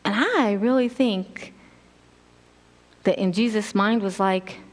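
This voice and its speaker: A middle-aged woman preaching a casual sermon in a church sanctuary. Her voice sits at an ordinary middle pitch and carries a long hall reverb. She tells stories with lively energy, jumping into voices for the people she quotes. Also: takes it slowly, long pauses. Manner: animated storytelling, acts out quotes with laughs.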